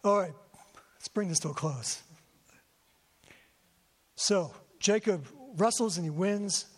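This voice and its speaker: A man's voice: sits high, takes it slowly. A man preaching a sermon to a congregation, telling his story with feeling and often repeating himself. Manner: emotional storytelling, repeats words. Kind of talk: sermon testimony. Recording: long hall reverb.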